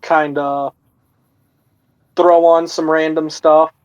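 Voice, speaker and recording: A young man co-hosting a podcast in casual chat, relaxed and keeping his voice down. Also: a little high, takes it slowly, clean tone, muffled recording. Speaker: podcast co-host.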